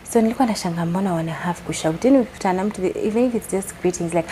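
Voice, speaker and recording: A young Kenyan woman talks casually in a soft, low-set voice with a mellow, dark tone. She chats to camera, sliding between English and Swahili slang, over a faint hiss of background noise. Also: racing, rough recording. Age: young adult. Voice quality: soft-spoken. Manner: chatty, switching between English and Sheng Swahili. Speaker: vlogger. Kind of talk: casual chat.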